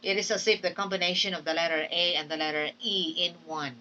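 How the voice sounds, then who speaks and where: A woman's voice: on the low side, fairly even intonation, fast, pushed and bright, recorded from a distance, dull audio. A Filipino woman teaching English phonetics in a recorded lecture, drilling example words and often checking in with "Okay?". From Philippines.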